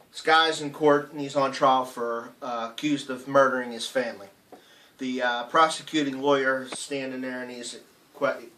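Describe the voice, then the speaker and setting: Guy rambling thru a joke with lots of uhs, bright tone, sounds far off. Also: medium pitch. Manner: rambling storyteller with fillers. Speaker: comedy show co-host. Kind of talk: joke telling.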